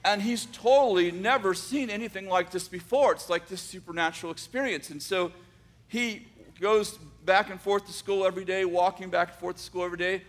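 A man telling a story aloud, unhurried, with dramatic pauses and frequent restarts. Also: high voice. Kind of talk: oral storytelling.

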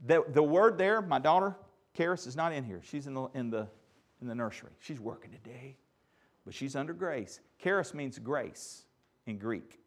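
Animated preacher, swinging loud to soft. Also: male voice, normal speed. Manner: animated preaching, pitch and volume swinging from loud peaks to near-whispers. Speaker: pastor. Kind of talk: sermon.

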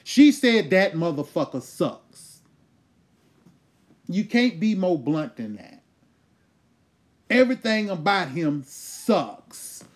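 A man with a slightly higher-than-average voice rants loudly and profanely as a comedy show host. His delivery swings from shouted outbursts to muttered asides as he riffs on whatever is bothering him. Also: sing-song, slow pace, pauses often. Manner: loud, profane, ranting.

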